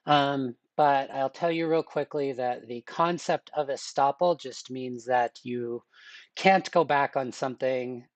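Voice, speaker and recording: A man teaching a live online exam-prep lesson in a relaxed, chatty way, with filler words and joking asides. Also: medium pitch, measured pace, no room sound, highs cut off. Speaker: webinar instructor.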